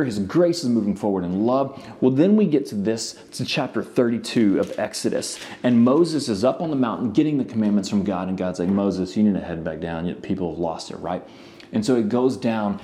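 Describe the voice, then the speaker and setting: A man's voice: medium pitch, mellow. A male pastor preaching in a conversational, storytelling way, with frequent asides to the congregation. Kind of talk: sermon.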